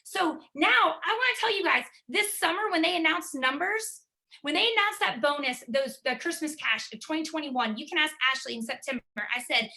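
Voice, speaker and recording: A woman's voice: high voice, animated, moderate pace, creaky, sharp tone. A woman giving an emphatic motivational talk to her team over a video call, driving home her points with repetition. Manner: emphatic, driving, repeats key words.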